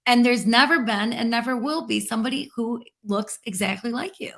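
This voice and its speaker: A woman interview guest talking in an earnest, reflective way, slowing down to stress key words. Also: on the high side, fairly bright tone. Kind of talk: heartfelt interview conversation.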